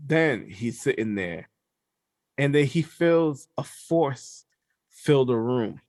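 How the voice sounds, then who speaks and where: A man's voice: medium pitch, slow pace, dry recording, clean studio sound. A man co-hosting a podcast, telling a story in casual chat and acting out the voices as he goes. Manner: animated storyteller, acts out voices. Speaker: podcast co-host.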